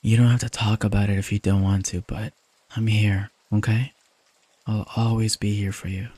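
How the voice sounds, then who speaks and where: A man in a whispered role-play as a caring boyfriend, talking softly and tenderly to comfort his partner. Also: lowish voice, little pitch movement, moderate pace, husky, dry recording. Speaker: ASMR creator.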